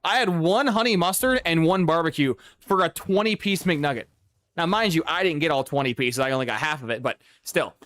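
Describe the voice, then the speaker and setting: A man's voice: a little high, fairly quick, a bit bright, no room sound, studio quality. A young man livestreaming a football game, rambling and ranting with lots of profanity in casual chat. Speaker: gaming streamer.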